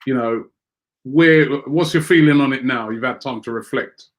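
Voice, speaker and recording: A man hosting a live football fan show, calmly prompting his guest and reading out viewer comments. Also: medium pitch, moderate pace. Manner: reads viewer comments aloud, calm interjections. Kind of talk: live-stream football chat.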